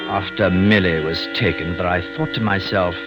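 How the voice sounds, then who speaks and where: An actor playing a genteel middle-aged poisoner in a 1950s radio drama, who narrates, wheedles and turns cruel. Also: male voice, low-pitched, normal speed, music in the background, rough recording. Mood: brooding narration. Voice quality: theatrical, wheedling then venomous.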